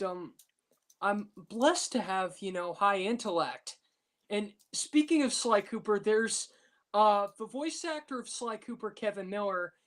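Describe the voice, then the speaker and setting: Rambling woman in casual chat. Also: mid-range voice. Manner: rambling, filler-heavy.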